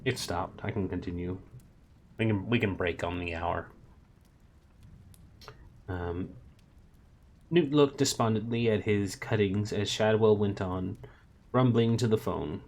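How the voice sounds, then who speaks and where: Relaxed male reader with a low voice. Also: unhurried, pauses often, a little hiss or hum. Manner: relaxed, amused asides between passages. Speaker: story reader and streamer. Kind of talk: casual streamed book reading.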